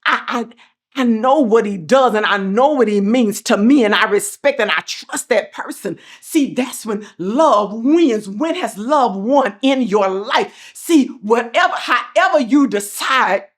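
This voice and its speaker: Middle-aged woman host, fiery motivational speaker, fairly high voice, repetitive, emphatic cadence. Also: a little slow. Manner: swings from soft and calm to loud and passionate. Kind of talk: motivational speech.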